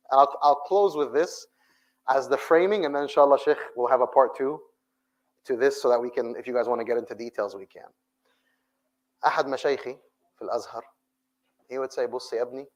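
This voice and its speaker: A man preaching to young people, lively, with rhetorical questions and phrases mixed into English. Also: mid-range voice, rough recording. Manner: animated, rhetorical questions, mixes English with Arabic. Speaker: sheikh giving a talk to young people. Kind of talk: sermon.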